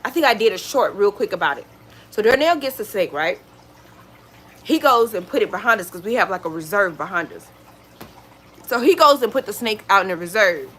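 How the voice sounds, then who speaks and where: A woman vlogger chatting casually at home, retelling stories in an animated, exclaiming way. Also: mid-range voice, a little fast, a little hiss or hum. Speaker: lifestyle vlogger. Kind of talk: casual storytelling chat.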